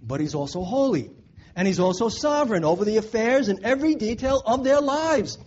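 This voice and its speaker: A man's voice: sits high, lively intonation, fairly quick, darkish tone. A man preaching a sermon in an earnest way, repeating his points for emphasis. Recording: dull lo-fi recording.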